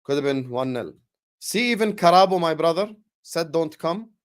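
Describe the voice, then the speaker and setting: A young man hosting a live football watchalong, chatting with viewers and calling the play with slangy, excitable banter. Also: fairly high pitch, moderate pace. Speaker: watchalong streamer.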